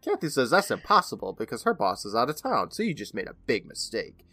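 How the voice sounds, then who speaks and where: A man's voice: medium pitch, huge pitch swings, quick pace, sharp tone, slightly rough, dry recording. A man in his thirties co-hosting a podcast, eagerly retelling an episode in casual chat and laughing often. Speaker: podcast co-host.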